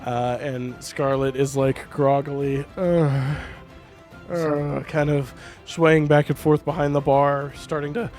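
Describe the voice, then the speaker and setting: A man's voice: fairly high pitch, level tone, slow, a little mellow, soft background music. A man narrating a tabletop game as game master, in a loose, hesitant style.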